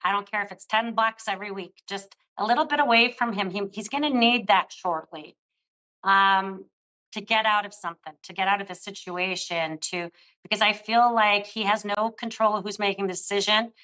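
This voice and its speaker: Older female psychic host, gentle and affectionate reading, bright tone, muffled lo-fi sound. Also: medium pitch, normal speed. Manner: soothing, affectionate, calls the caller love. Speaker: psychic reader. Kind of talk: live psychic reading on air.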